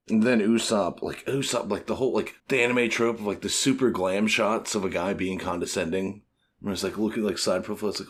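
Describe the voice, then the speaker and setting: Podcast co-host, man, lowish husky voice, animated and profane. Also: fairly quick. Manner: animated, swears, acts out quotes. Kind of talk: casual chat.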